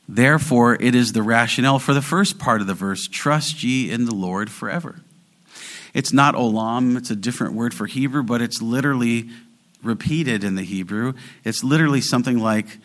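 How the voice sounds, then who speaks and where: A man preaching a sermon in an earnest way, slowing down and rising in volume to stress key phrases. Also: medium pitch, a bit bright. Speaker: pastor.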